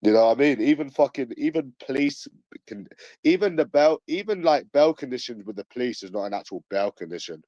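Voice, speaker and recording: A man's voice: mid-range voice, animated, a little fast, warm tone, dry recording, dull audio. A man in his late twenties with a London accent, ranting casually with heavy swearing and street slang. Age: late 20s. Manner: swearing, boastful, aggressive slang.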